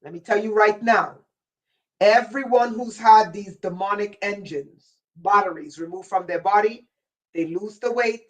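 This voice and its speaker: A woman's voice: mid-range voice, a little slow, recorded from a distance, rough recording. A woman hosting a livestream, delivering a rambling, intense monologue in a warning tone and answering viewers' chat comments by name. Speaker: livestream host.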